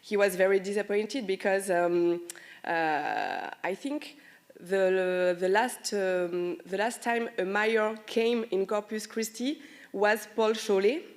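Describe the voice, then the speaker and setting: A woman with a French accent, a deputy mayor, giving a formal ceremony speech in a friendly, halting way. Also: mid-range voice. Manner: friendly, halting, laughs between phrases.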